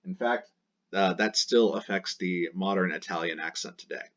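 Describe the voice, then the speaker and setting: A man's voice: deep voice, moderate pace. A man teaching a grammar lesson, explaining step by step and drilling endings aloud in rhythmic lists. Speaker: Latin teacher. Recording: dull lo-fi recording.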